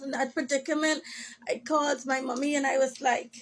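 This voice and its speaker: A high-voiced woman pours out a personal testimony to the camera. She speaks with deep emotion, circles back on her words, and calls her listeners people of God, her voice at times tearful. A faint hum sits behind her. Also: normal speed. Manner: impassioned, repetitive, addresses listeners as "people of God".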